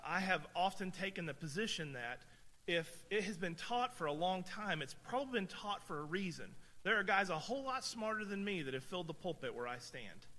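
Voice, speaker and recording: A man's voice: sits high, sharp tone. A man preaching a sermon from the pulpit in a conversational, emphatic way, often repeating words as he builds a point. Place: church sanctuary. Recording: long church-hall reverb.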